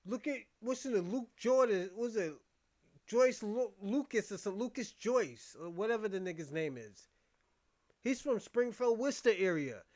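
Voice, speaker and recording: A man's voice: sits high, lively intonation, moderate pace, darkish tone. A man from Boston giving a casual commentary rant, blunt, profane and repetitive as he vents. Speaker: commentary host.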